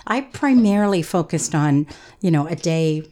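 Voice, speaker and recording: A woman's voice: low-pitched, lively intonation, normal speed, warm tone. A woman guest on a radio talk show, telling funny stories in a chatty way and laughing often. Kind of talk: storytelling radio interview.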